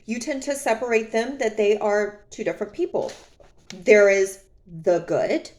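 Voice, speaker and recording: A woman's voice: mid-range voice, animated, unhurried, darkish tone. A woman vlogger talking candidly from her own experience in a reflective personal monologue, often repeating phrases for emphasis.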